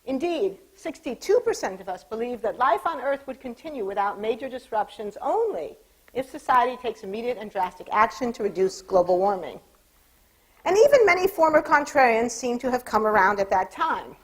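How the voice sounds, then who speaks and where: A woman delivers a lecture in a measured, steady voice, pitched a little higher than most. She drops dry, wry asides as she goes. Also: rough recording. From California, United States. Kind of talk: public lecture.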